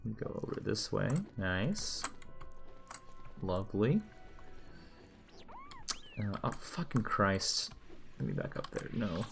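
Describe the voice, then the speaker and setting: A young man with a fairly low voice talks his way through a video game, muttering and cursing under his breath. His commentary is loose, sarcastic and profane, with faint music playing behind him. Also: big pitch swings, slow pace, vocal fry, long pauses. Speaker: game streamer. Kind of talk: casual gameplay commentary.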